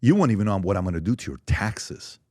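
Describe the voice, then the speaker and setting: Guy doing a low flirty taxpayer voice, teasing, soft. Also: very animated, fast, dry recording, clean studio sound. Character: eager male taxpayer flirting over taxes.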